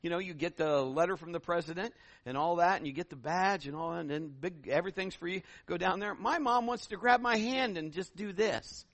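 A middle-aged male pastor tells homespun stories in his sermon. His voice sits high and lively. The sound is close and dry, with little room. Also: fairly quick, few pauses, dry recording. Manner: animated, folksy storytelling.

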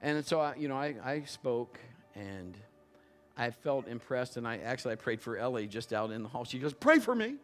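A male pastor preaching a sermon in a conversational storytelling way, building to loud emphatic bursts. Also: medium pitch, normal speed, soft background music.

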